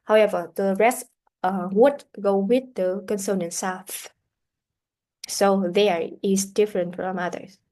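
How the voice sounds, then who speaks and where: A woman leads a pronunciation lesson in a slow, deliberate way. She models sounds carefully for learners to repeat, and her voice sits at a middle pitch. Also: fairly even intonation, dark tone. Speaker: English teacher.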